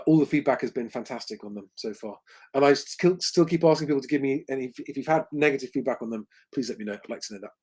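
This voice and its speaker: A man's voice: medium pitch, a little mellow. A man hosting a livestream Q&A, talking conversationally with lots of ums and restarts. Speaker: host.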